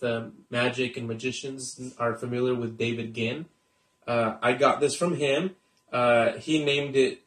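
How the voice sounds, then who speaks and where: A male magician chatting casually and showing his gear, rambling with lots of fillers. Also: mid-range voice. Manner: rambling, with many fillers and restarts. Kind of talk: casual show-and-tell talk. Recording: echoey room.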